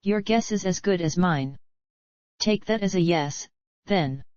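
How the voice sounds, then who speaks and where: A woman voicing a cynical man musing about his own guilt, in a slow screenplay reading. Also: on the low side, a little mellow, no room sound, close to an everyday voice. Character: brooding cynical man, political criminal. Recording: dull lo-fi dry recording.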